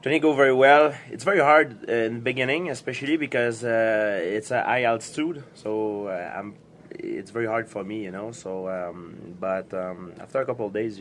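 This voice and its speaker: Guy, lowish voice, keeps restarting his words, laughs a lot in a casual interview. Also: steady tone, a little hiss or hum. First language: French. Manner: halting, repeats words, laughs easily. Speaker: interviewed fighter.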